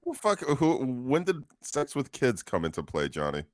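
A man's voice: medium pitch, huge pitch swings, moderate pace, no room sound, clean studio sound. A man co-hosting a casual podcast, joking around, laughing often and stumbling over repeated words. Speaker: podcast co-host.

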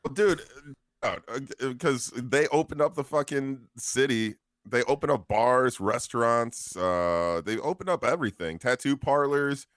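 Male podcast co-host with a lively, bouncing pitch, dry close sound, jokey and prone to repeating himself. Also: measured pace, no echo. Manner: joking, laughs often, repeats words. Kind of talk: casual podcast banter.

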